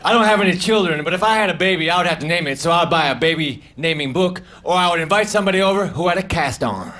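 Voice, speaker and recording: A high-voiced man delivers deadpan one-liners and half-mumbled asides in a stand-up set. The live club recording carries clear audience noise and laughter underneath him. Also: fast. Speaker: stand-up comedian. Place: comedy club stage.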